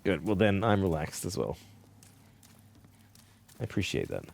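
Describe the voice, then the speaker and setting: A man live-streaming a video game, chatting with viewers, excitable, laughing and swearing often. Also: sits low, measured pace, vocal fry.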